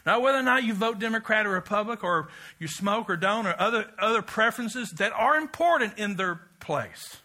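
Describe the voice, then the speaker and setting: Man, middle-aged, sermon, high pitch, very bright tone, emphatic, folksy asides. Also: lively intonation, fairly quick. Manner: emphatic preaching, rising to loud peaks. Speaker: pastor.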